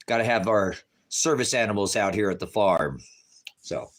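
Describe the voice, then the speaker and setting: A man's voice: on the low side, normal speed. A man, a preacher, talking casually to his viewers from a farmhouse, rambling between warnings and baby talk to his cat.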